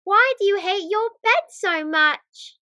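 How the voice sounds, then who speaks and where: A woman voicing a gentle, patient mother who soothes her son in a children's storybook reading. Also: extremely high pitch, expressive, slow pace, dry recording, voice pushed up, full character voice. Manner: soft, soothing.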